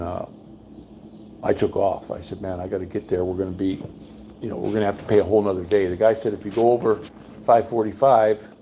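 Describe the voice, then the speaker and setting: An older man undergoing cancer treatment chats casually on his livestream from a high-ceilinged room at home, his mellow voice carrying a little hiss or hum. He's a folksy storyteller who acts out other people's lines by raising his voice higher.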